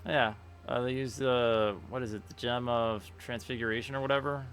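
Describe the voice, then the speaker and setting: A man streaming a tactics game, thinking aloud in a relaxed, casual way with many fillers. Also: medium pitch, normal speed, slight background noise. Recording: faint game music behind.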